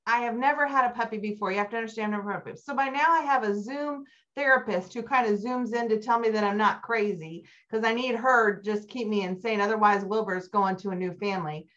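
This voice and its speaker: A middle-aged woman giving a motivational keynote talk, telling stories with animated energy and climbing high when excited. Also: quick pace, hardly any pauses. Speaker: keynote speaker. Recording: dull lo-fi recording.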